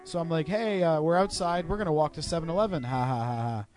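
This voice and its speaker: A young podcast host with a fairly high, slightly mellow voice talks fast in a casual chat among friends. He's profane and teasing, telling a story and putting on voices.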